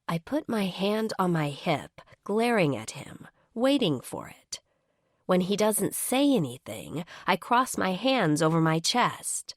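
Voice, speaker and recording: A woman narrating a first-person romance audiobook in an expressive, wry manner. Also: on the low side, measured pace, no echo, clean studio sound.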